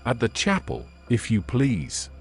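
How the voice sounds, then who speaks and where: A man voicing a sullen, furious drunken father who barks at his son in gruff, bullying shouts. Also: mid-range voice, wildly swooping pitch, unhurried, faint music behind, heavily acted. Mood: angry.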